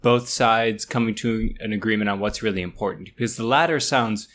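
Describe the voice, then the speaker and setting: A man's voice: fairly low pitch, a bit bright. Eager young man co-hosting a podcast. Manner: eager, quick to react and joke at himself. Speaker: podcast co-host. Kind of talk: casual podcast chat.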